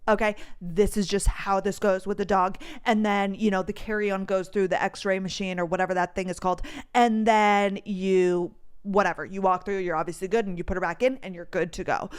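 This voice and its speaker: A woman's voice: medium pitch, little pitch movement, moderate pace, clear, resonant tone. A young woman in her twenties hosting a podcast, telling a story in a casual, chatty way with many fillers. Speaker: podcast host.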